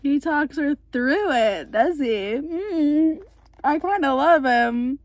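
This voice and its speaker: A woman's voice: high-pitched, expressive, slow, dry recording. A young woman reacting to a book in a casual reading vlog, gushing and exasperated by turns. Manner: gushing, exasperated, laughs and rants. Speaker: book vlogger.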